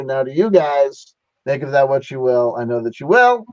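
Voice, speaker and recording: A man's voice: medium pitch, very animated, normal speed, no echo, lo-fi sound. A man hosting a casual livestream chat, rambling and laughing, with a sentimental sign-off. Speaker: livestream host.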